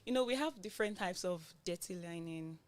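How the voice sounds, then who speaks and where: A woman's voice: on the low side, lively intonation, a little fast. A woman co-hosting a radio talk show, telling a story in a chatty way full of fillers. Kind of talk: casual panel discussion.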